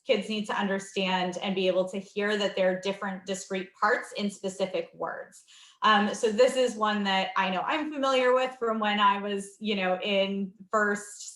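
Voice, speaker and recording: A woman's voice: mid-range voice, fairly bright tone, roomy sound. A young adult woman giving a webinar talk to teachers, explaining with many ums and modeling classroom prompts. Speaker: reading instruction presenter. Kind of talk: webinar training presentation.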